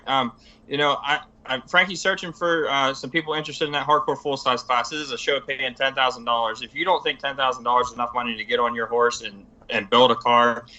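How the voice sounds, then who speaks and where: A talkative man with a bright, forceful tone who rambles eagerly, stacking up filler phrases as he chats. His voice comes through a dull, lo-fi recording. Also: medium pitch. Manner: rambling, eager, heavy on "you know". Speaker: guest. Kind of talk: casual chat.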